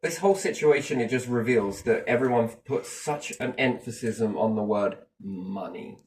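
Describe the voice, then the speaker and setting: A man's voice: mid-range voice, normal speed, far from the mic, slight background noise, poor audio. A man giving rambling, opinionated views in casual chat, with restarts and the odd swear.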